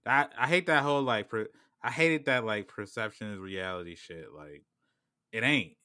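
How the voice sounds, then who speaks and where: A laid-back man with a low, smooth, resonant voice, chatting casually and swearing freely. The sound is dry and close, with no room around it. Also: normal speed, sharp tone, no room sound. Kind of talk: casual chat.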